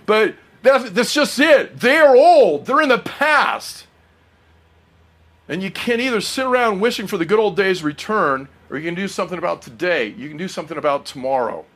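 Middle-aged guy preaching, pretty high voice, earnest, keeps asking the room questions. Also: animated, moderate pace, fairly bright tone. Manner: earnest, personal, asks the congregation questions. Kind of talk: sermon.

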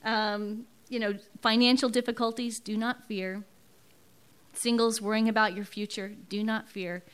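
A woman's voice: on the high side, level tone, unhurried, clean tone. A middle-aged woman giving an earnest, emotional testimony at a church service, often repeating words for emphasis. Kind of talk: personal testimony in a sermon.

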